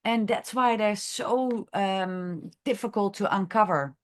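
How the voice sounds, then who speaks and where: A woman who is a chiropractor, leading a masterclass discussion in an unscripted, halting way, thinking aloud with many fillers and restarts. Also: mid-range voice. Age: adult, has a grown daughter. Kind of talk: unscripted teaching talk.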